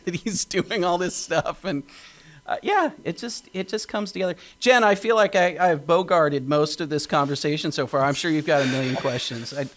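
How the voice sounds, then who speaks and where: Male podcast host, slightly high voice, enthusiastic and stumbling over his words. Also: a bit bright. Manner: enthusiastic, hesitant restarts. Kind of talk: casual podcast chat.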